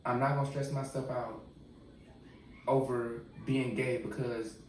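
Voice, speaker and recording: A man speaks frankly in relaxed, slangy talk as a podcast guest. He sits well away from the mic in a very echoey room. A faint hiss of noise runs under the voice. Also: mid-range voice, a little slow, far from the mic. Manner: candid, talks in casual slang. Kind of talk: casual podcast conversation.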